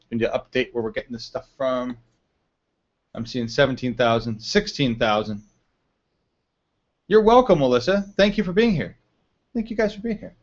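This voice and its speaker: A man hosts a casual live stream, talking loosely with a co-host and reading viewer chat aloud. He laughs easily and chats at an ordinary pitch. The audio is dull and lo-fi. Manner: chatty, laughs often, reads chat aloud. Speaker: livestream host.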